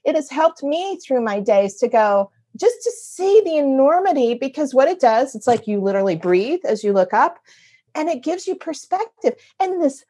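Middle-aged woman, guest author, animated storytelling, fairly high voice, acts out her own lines.

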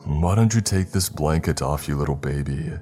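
A man's voice: rumbling low, moderate pace, dark tone, faint music behind. A man voicing a taunting, sinister male entity with a childish, growly voice in a horror story. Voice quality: growly, mocking.

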